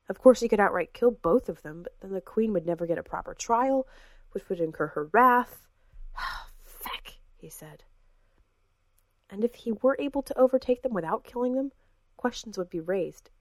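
A woman narrating a fantasy story in a measured manner, dropping to a hush in tense passages. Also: mid-range voice, no echo. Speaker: audiobook narrator. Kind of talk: scripted narration.

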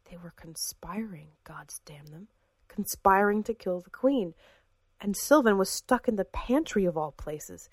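A woman narrating a fantasy story in a measured manner, dropping to a hush in tense passages. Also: mid-range voice, expressive, no echo. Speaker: audiobook narrator. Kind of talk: scripted narration.

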